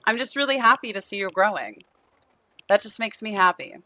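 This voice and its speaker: A woman's voice: mid-range voice, expressive, a little fast, pushed and bright, no room sound. A young woman streaming a life-sim game, chatting affectionately with viewers and her characters, losing her voice. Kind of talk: casual gameplay stream chat.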